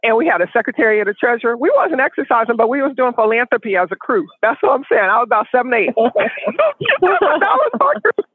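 A woman on a casual group call telling stories in an animated, joking way. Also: a little high, very fast, few pauses, no echo. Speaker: guest co-host. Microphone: phone. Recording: tinny phone line.

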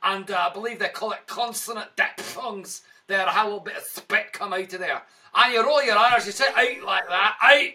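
A man doing a big, booming Scottish brogue, full of rolled R's and throaty consonants. It sits high and bright, edging toward a shout, and it sounds a little off the mic. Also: moderate pace, few pauses, far from the mic. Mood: showy. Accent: Scottish (put on).

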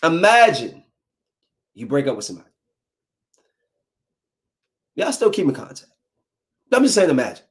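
A man's voice: a little high, very animated, moderate pace, long pauses. A young adult man delivering a comic monologue, full of incredulous rhetorical questions. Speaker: comedian. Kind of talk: stand-up style comic monologue.

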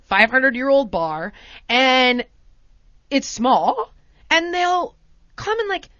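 An American woman hosting a podcast, telling a story in a casual, animated way and acting out the exchanges in different voices. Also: high voice, slow, dry recording. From United States. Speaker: podcast host. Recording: dry, dull lo-fi sound.

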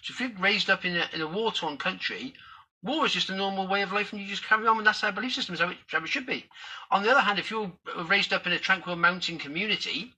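Man, vlogger, rambling casual talk, quick delivery, husky edge. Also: sits high, pushed and bright, low-quality recording. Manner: rambling, thinking aloud.

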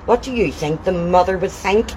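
On a noisy street, a woman acting as a vigilante confronts someone in a heated exchange, accusing and interrogating them. Her voice is lowish and a little mellow, and she talks at a normal speed.

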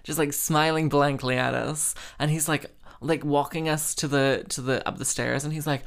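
On his solo podcast, a man tells stories in a rambling, self-deprecating style loaded with filler words and dramatic asides. He speaks at a moderate pace in a slightly high, somewhat bright voice with vocal fry and fairly even intonation.

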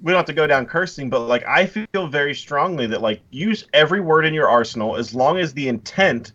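A man's voice: on the high side, a little fast, dull audio. A man, a parent, telling a story in a casual chat and acting out the quoted voices. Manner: lively, animated storytelling, acts out quotes.

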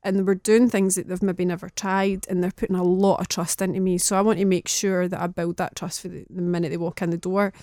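A woman's voice: lowish voice, little pitch movement, a little fast, few pauses, a little mellow, dry recording, studio quality. Chatty woman, frank and laughing. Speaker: guest, dominatrix and campaigner. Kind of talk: casual podcast chat.

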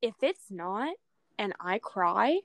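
A young woman in casual chat, telling stories in an animated way and acting out quoted lines. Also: medium pitch, slow, no room sound. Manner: animated storytelling, acts out quotes.

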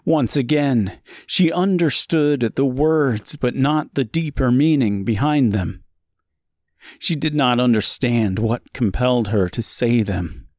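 A man reading a dark story aloud as narrator, speaking deliberately with dramatic pauses. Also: mid-range voice, no room sound, studio quality. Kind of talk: scripted horror story narration.

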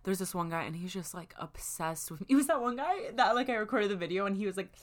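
A woman's voice: mid-range voice, fast talker. A young woman in casual chat, telling stories animatedly with lots of fillers. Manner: animated storyteller, many fillers.

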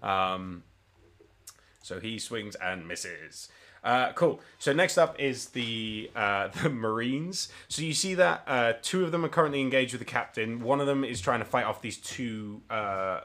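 A man's voice: mid-range voice, animated, unhurried, a bit bright. A man narrating a tabletop game as game master, casual and full of ums and swearing.

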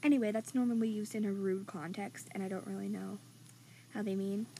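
A woman's voice: medium pitch, flat delivery, a little fast, vocal fry, warm tone. A young woman hosting a podcast, casually reading out listener comments and answering them in a chatty, self-deprecating way, sometimes dropping into a whisper. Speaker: podcast host. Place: home room with vacuum running nearby. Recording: faint household background noise. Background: faint vacuum noise.

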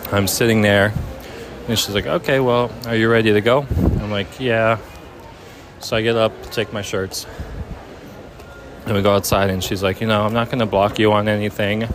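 A young man telling a personal story casually, halting with many fillers. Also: on the low side, fairly even intonation, background noise. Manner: halting, many ums and likes. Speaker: vlogger.

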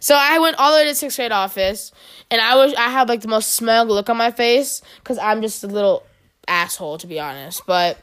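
A woman's voice: fairly high pitch, a little fast, fairly bright tone, smooth. A teenage girl telling school stories in casual chat, rambling and giggling. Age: teens. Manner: rambling, giggly, restarts a lot.

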